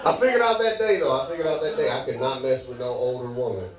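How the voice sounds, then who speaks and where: A young man from Michigan performing a stand-up comedy set in a club, animated and laughing through his jokes. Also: medium pitch, fast. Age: young adult. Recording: echoey room, far mic, loud crowd.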